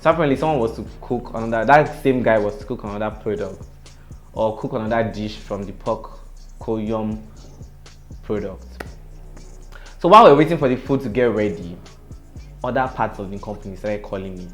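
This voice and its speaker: A young man with a Nigerian accent, telling a story on his vlog in an animated, dramatic way. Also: on the low side, moderate pace, soft background music. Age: young adult. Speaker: vlogger.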